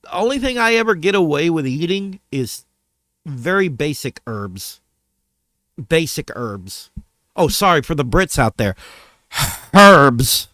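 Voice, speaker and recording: Man ranting to camera, swearing, repetitive, lively up-and-down pitch, bright voice, dry close sound. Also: measured pace, no room sound. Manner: profane, heated, repeats himself. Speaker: vlogger. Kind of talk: angry rant to camera.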